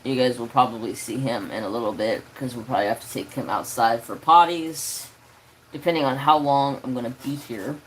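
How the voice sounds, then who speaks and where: A man's voice: mid-range voice, brisk, slight background noise, low-quality recording. A man hosting a casual crafting livestream from his home craft room, rambling loosely and swearing now and then.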